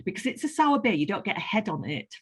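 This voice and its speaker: Lively husky Northern English woman. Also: medium pitch, fast. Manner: lively, enthusiastic explaining. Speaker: beer writer guest. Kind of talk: casual chat.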